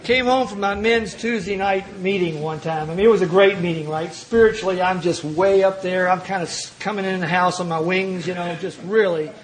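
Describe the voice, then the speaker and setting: A man's voice: high voice, a little fast, hardly any pauses, a little hiss or hum, rough recording. An older man from Kentucky, speaking as an AA speaker, telling stories in a folksy, self-mocking way with frequent restarts. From Louisville, Kentucky. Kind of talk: storytelling talk at a recovery meeting.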